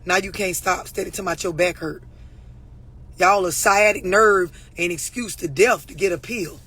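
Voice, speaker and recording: Woman coach, forceful husky voice, blunt and profane, lecturing viewers. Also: lowish voice, moderate pace. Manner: blunt, profane, preachy, addressing viewers directly. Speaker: relationship and mental health coach. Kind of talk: unscripted talk to camera.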